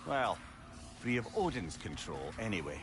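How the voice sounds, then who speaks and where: A chatty, wise old storyteller. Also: male voice, fairly low pitch, normal speed, noisy background. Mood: wry. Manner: lively storytelling, dry wit.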